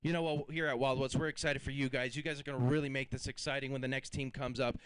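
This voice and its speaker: A man's voice: mid-range voice, level tone, fast talker, clean tone, no room sound, rough recording. A man emceeing a fishing tournament weigh-in, announcing weights and hyping the crowd in an upbeat way.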